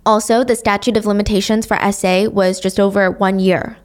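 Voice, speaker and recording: A woman's voice: mid-range voice, flat delivery, a little fast. A woman casually telling a true-crime story to a friend, with indignant, sarcastic asides.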